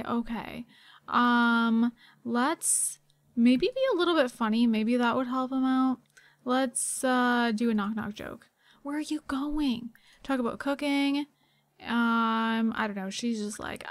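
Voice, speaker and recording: A young woman giving casual, excitable commentary while playing a life-sim game, chatty and quick to gasp and giggle. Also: on the high side, no echo. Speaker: gaming channel host.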